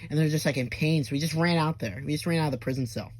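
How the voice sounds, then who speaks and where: A man's voice: a little high, quick pace, no room sound. A young man telling an absurd comedic story, rambling, with lots of fillers and swearing. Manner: absurd tall tale told half-seriously.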